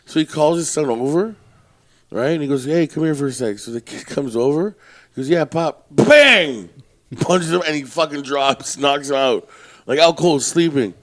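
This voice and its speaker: Blunt, profane former bouncer telling stories. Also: male voice, on the high side, lively intonation, moderate pace. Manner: blunt, profane, tells tough-guy stories. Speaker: podcast co-host, former bouncer. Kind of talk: casual storytelling chat.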